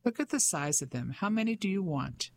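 A woman voicing a brash, teasing male French fisherman who calls out loudly. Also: mid-range voice, sing-song, fairly quick, voice pushed up. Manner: loud, teasing.

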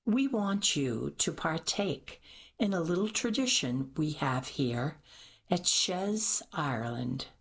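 A woman's voice: deep voice, expressive, slow pace, gravelly, slightly rough, heavily acted. A woman voicing a theatrical older hostess who gushes and plays up the drama. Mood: dramatic. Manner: dramatic, gushing.

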